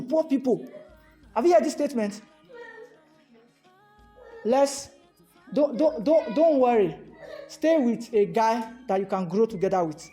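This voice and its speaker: A Nigerian man giving a motivational talk to a live audience, animated and fond of repeated rhetorical questions, slipping into pidgin. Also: very high-pitched, unhurried, pauses often, soft background music. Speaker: motivational speaker.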